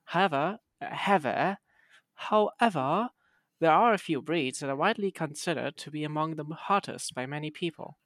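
A man's voice: on the high side, fairly quick, hardly any pauses, fairly bright tone, no echo. A man, a podcast host chatting casually and playfully reading text aloud.

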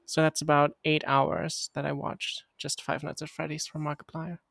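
A man's voice: on the high side, level tone, normal speed, creaky, fairly bright tone, no room sound. Dry-toned podcast guy, German native. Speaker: podcast co-host. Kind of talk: casual chat. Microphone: remote call microphone.

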